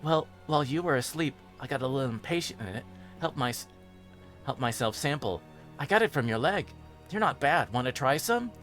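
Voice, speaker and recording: A man's voice: mid-range voice, lively intonation, a little fast, a bit bright, soft background music, pitched above the performer's own voice, lightly acted. A man voicing a petulant, sadistic female pink pony in a dramatic reading, whiny and scolding. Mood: sweetly creepy. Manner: whiny, scolding, sing-song. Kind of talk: dramatic reading of fan fiction.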